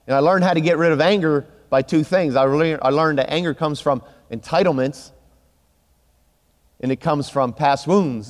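Middle-aged male guest speaker, earnest testimony storyteller, ordinary mid-range voice, long hall reverb. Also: mid-range voice. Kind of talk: testimony sermon.

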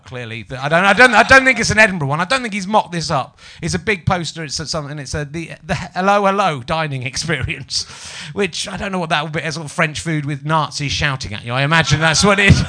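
A bright, fairly high-voiced man in his forties from Yorkshire, with a light Yorkshire accent, hosting a live comedy podcast. He chats loosely and mocks himself while needling the audience. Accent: Yorkshire English. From Yorkshire, England. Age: 40s. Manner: chatty, self-mocking, teasing the audience. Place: small live venue with audience.

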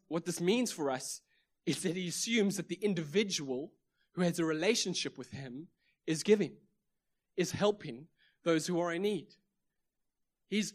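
A South African man with a South African accent preaching a sermon, emphatic, with repeated phrases and rhetorical questions. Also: high voice. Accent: South African English. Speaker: pastor.

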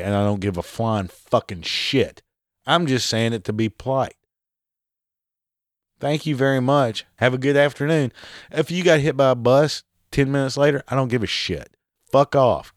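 A man's voice: medium pitch, no room sound, clean studio sound. A man hosting a solo podcast, ranting sarcastically and swearing often. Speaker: podcast host.

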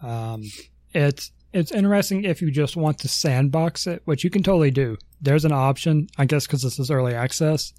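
A man's voice: on the high side, normal speed, a little mellow, no echo. A man co-hosting a casual podcast, rambling through long explanations with lots of ums and self-corrections. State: has the hiccups. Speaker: podcast co-host.

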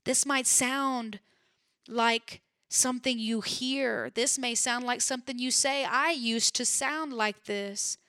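A woman preacher delivering a sermon, explaining Bible verses in an earnest, emphatic way that moves between soft and urgent. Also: fairly high pitch, slow pace, no room sound, clean studio sound.

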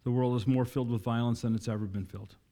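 A fast-talking pastor with a warm, medium-pitched, steady voice preaches to his congregation, speaking to them directly. His sermon swells into emphatic, rousing climaxes.

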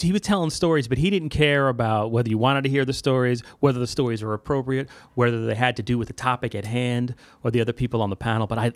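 A man's voice: medium pitch, no room sound. A man hosting a podcast, asking curious follow-up questions in casual interview talk. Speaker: podcast host.

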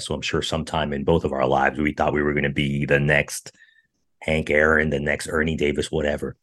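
A man hosting a podcast, asking questions in a casual, animated way and voicing his own thoughts aloud. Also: extremely low pitch. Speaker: podcast host. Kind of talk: casual chat.

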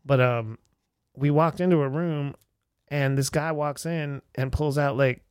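A man's voice: on the high side, measured pace, clean tone, no echo. Middle-aged man, casual storytelling, acts out quoted voices, lots of "like", dry room sound. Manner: animated storyteller who acts out quoted voices, many "like" fillers. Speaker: podcast guest or host recalling old travels. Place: indoor room shared with a friend.

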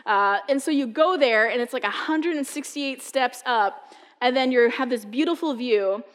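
A woman from the US East Coast gives a conversational sermon, telling funny stories in a chatty style packed with "like." Her voice is high-pitched at a normal speed, with a long reverb tail.

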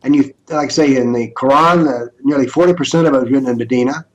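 Talking fast in a mid-range voice over dull audio, an older man appears as an interview guest. He's an author on political Islam, lecturing emphatically and asking rhetorical questions.

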